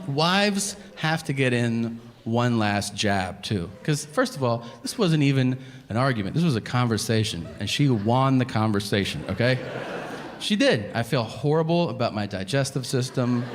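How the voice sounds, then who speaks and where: A man's voice: medium pitch, expressive, moderate pace, long reverb tail, slight background noise. A man in his thirties doing a stand-up set, telling a story with exasperation and acting out the other people's lines. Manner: storytelling, exasperated, acts out dialogue with voices. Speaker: stand-up comedian. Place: comedy stage before a live audience.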